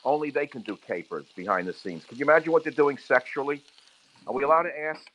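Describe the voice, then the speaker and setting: A man's voice: mid-range voice, fast talker, fairly bright tone, low-quality recording. A man talking casually while cooking on a livestream from his home kitchen. He speaks into a handheld phone and slides into crude, heated rants. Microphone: handheld phone camera. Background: sizzling frying pan.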